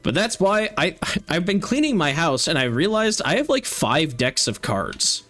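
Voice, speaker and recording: A man's voice: on the high side, big pitch swings, normal speed, bright, forceful tone, soft background music. A young man who streams games, chatting casually and rambling with lots of filler words. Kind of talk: casual chat while streaming a game.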